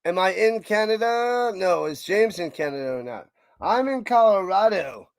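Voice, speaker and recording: Excitable New York man calling plays. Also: sits high, moderate pace, no room sound. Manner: excitable calls, chatty asides to viewers. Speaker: watch-party streamer and play-by-play caller. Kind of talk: live stream play-by-play and chat reading.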